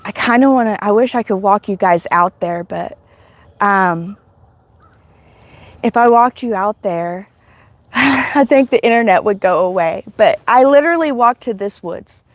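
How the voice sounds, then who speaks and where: A woman's voice: medium pitch, lively intonation, a little slow, pauses often, no room sound. A woman hosting a livestream, telling a spiritual testimony in an emotional, rambling way, full of restarts. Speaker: livestream host.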